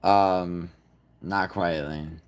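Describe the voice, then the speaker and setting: Man, livestream host, very low voice, rambling, profane, chats with viewers. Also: steady tone, extremely slow, clean tone. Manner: rambling, profane, talks straight to chat. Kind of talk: casual livestream chat with viewers.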